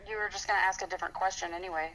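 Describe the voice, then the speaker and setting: A woman calling in to a live show over the phone, relaxed and joking. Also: lowish voice, rapid-fire, crowd noise. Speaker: caller. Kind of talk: casual phone call. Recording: tinny phone line.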